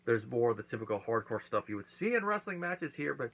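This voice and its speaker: On his own channel, a man casually recaps and reviews a wrestling event, acting out quotes along the way. He talks fast with big pitch swings in a gravelly, slightly bright medium-pitched voice, on a rough recording.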